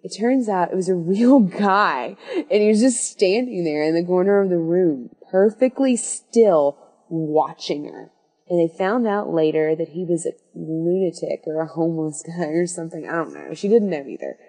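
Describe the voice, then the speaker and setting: A woman's voice: on the low side, normal speed, darkish tone. A woman casually telling a spooky story on a podcast, rambling and correcting herself with wry asides.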